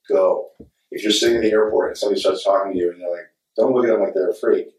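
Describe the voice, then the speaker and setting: A man's voice: fairly low pitch, fairly even intonation, rapid-fire, a little mellow. Man, middle-aged, candid rambling storyteller, panel talk, echoey hall, mic far off. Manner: candid, rambling, laughs readily. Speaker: actor and director at a fan convention panel.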